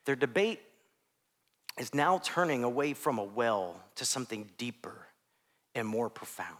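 A man preaching a sermon in a conversational way, with self-deprecating asides, often dropping to soft hushed phrases. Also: medium pitch, a little slow. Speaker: pastor.

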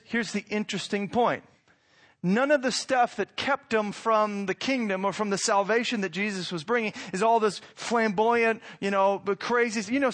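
A high-pitched male pastor delivering a sermon in an easy, conversational tone. He poses rhetorical questions and lets his voice swing from hushed to emphatic.

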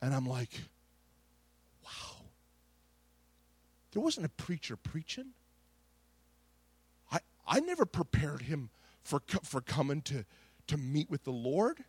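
A middle-aged male pastor preaches with passion, his voice sitting high for a man. He stumbles over repeated words and restarts phrases as he builds a story. The sound is dry and close, with no room echo. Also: big pitch swings, unhurried, long pauses, slightly rough. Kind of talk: Pentecostal sermon.

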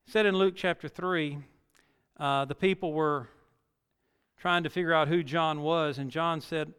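A man's voice: on the high side, steady tone, unhurried, a bit bright, smooth. A male pastor preaching a sermon, reading scripture dramatically and building to emphatic peaks. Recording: long reverb of a large hall.

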